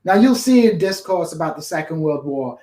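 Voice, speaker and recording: A man's voice: a little high, animated, brisk, mellow, roomy sound. A man from England co-hosting a podcast, chatting casually about a clip in a rambling way with many fillers. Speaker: podcast co-host. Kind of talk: casual chat reacting to a clip.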